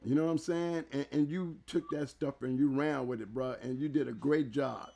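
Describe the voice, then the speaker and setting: A man hosting a casual talk show interview, excitable and loud, often repeating words as he speaks into a close mic. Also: medium pitch, moderate pace, vocal fry. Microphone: handheld mic held close.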